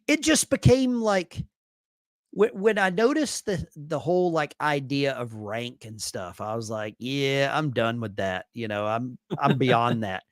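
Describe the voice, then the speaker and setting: A man's voice: medium pitch, a little slow, dry recording, studio quality. A man hosting a casual live stream, reading chat messages aloud with bursts of enthusiasm. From Arkansas.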